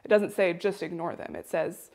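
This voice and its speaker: A young woman from the United States telling a story in casual conversation, animated and full of "like" fillers, acting out quotes. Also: fairly low pitch, moderate pace. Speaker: guest.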